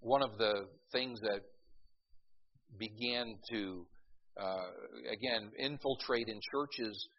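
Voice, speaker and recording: Folksy preaching man, husky voice. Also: lowish voice, slow pace. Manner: folksy storytelling, many restarts, rising to emphatic peaks. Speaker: pastor. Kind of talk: sermon with a humorous opening story. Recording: dull lo-fi recording.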